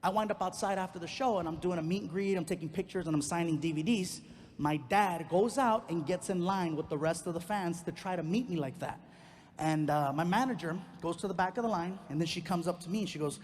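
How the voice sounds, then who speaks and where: High-pitched man telling a stage story. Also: fairly quick. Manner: animated, acts out other voices. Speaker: stand-up comedian. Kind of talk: stand-up storytelling. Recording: live hall recording with long reverb.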